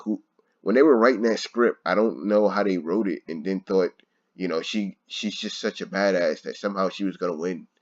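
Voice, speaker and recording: Casting note: deep-voiced male reviewer, exasperated and profane, muffled home recording. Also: normal speed. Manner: frustrated, swearing, laughing often. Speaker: show reviewer. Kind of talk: casual ranting review.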